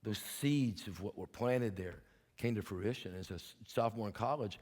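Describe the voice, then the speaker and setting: A man's voice: on the low side, moderate pace, darkish tone, long reverb tail. An older man preaching a sermon as pastor, telling folksy stories with humor and then urging his listeners earnestly. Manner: earnest, emphatic exhortation. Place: church sanctuary.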